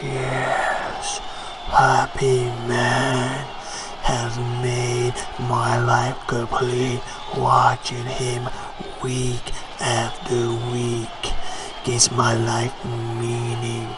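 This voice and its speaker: A man voicing a devoted male fan who speaks slowly and quietly with solemn reverence. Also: mid-range voice, completely flat delivery, loud music behind the voice. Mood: reverent. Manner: slow, hushed, solemn.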